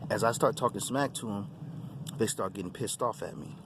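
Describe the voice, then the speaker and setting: A YouTube host with a lowish voice speaks fairly quickly over background noise, telling his personal testimony. He is emphatic and repetitive, often restarting phrases.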